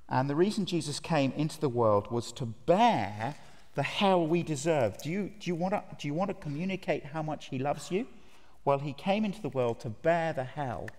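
In a large conference hall with plenty of reverb, a man with a fairly high but darkish voice delivers an earnest, emphatic sermon, asking his listeners direct questions.

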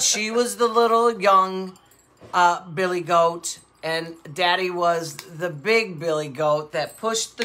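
An older woman hosting a live jewelry sale show, chatting casually and rambling through stories with frequent laughs. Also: mid-range voice. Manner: animated, with many fillers. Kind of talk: casual chat.

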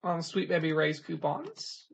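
A couponing channel host giving a casual rundown, reading items off in a quick plain list. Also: medium pitch, very animated, creaky, slight background noise.

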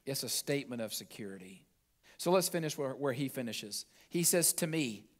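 A man preaching a sermon as pastor, emphatic, with conversational asides to the congregation and phrases that drop low at their ends. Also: lively intonation, normal speed. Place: church sanctuary.

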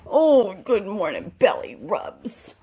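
A woman's voice: mid-range voice, wildly swooping pitch, takes it slowly, mellow, slightly rough. A woman filming her dog at home on a handheld camera, cooing to him in baby talk. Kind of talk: casual vlog talk to a pet. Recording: noisy home camera audio.

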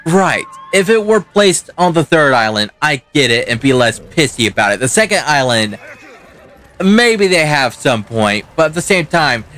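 Man, young adult, bright edgy voice, cursing rant, gameplay commentary. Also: on the high side. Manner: profane, ranting, talks back to the game. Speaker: gaming channel host. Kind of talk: let's play commentary.

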